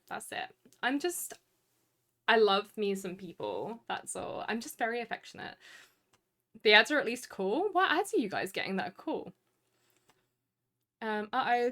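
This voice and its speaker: A young woman talks easily to her live stream audience. Her speech rambles and loops back on itself, full of "like" and "um" fillers. Her voice sits at a middle pitch. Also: pushed and bright. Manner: rambling, chatty, heavy use of "like" fillers. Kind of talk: casual chat with stream viewers.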